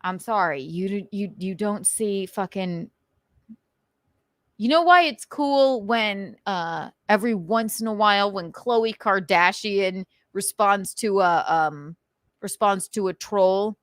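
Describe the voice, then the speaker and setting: A woman show host with a transatlantic accent rants casually in reaction to online comments, goofy and crisply enunciated, with theatrical outbursts. Her mid-range voice moves at a slow pace, recorded close and dry.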